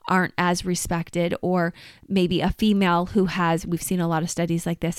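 A woman's voice: fairly low pitch, darkish tone, no room sound, studio quality. A middle-aged woman marriage counselor giving earnest, rambling advice in a casual talk.

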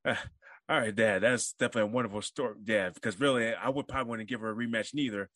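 Low-voiced man hosting an interview. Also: steady tone, very fast, fairly bright tone, no room sound, studio quality. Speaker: interview host.

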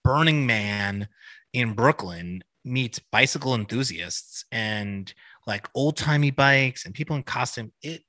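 A man's voice: medium pitch, lively intonation, unhurried, sharp tone, no echo. A man co-hosting a podcast in casual chat, teasing his co-host with dry ribbing.

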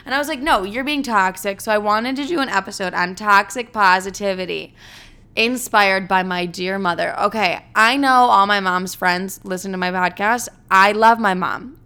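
A woman's voice: mid-range voice, sharp tone, clean tone. A woman hosting her own podcast, talking candidly and rambling in a casual, profane way. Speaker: podcast host. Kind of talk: casual solo podcast chat.

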